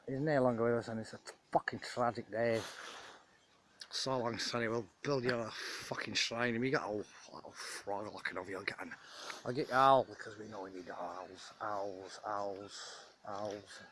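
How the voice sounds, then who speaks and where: A man's voice: on the low side, fairly even intonation, moderate pace, a bit bright, natural voice. A man playing a rambling, foul-mouthed ex-soldier with a Scottish accent in a comic monologue, talking outdoors in a garden and dropping into whispers now and then. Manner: rambling, heavy swearing, sudden drops to a whisper.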